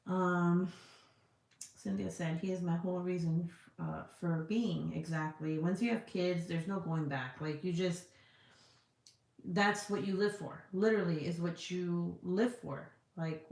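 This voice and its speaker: A middle-aged woman talks in a low-set voice, reading out viewer comments in loose, rambling chat. She leans on "like" and swears freely. The room gives her voice a noticeable echo. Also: normal speed. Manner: chatty, swears freely, lots of "like" fillers. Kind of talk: casual chat. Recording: echoey room.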